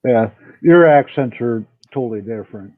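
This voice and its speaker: A man's voice: mid-range voice, lively intonation, moderate pace, no room sound. A man hosting a casual online panel, teasing and swearing freely. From United States. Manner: teasing, profane. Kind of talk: casual group chat. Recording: muffled, dull online audio.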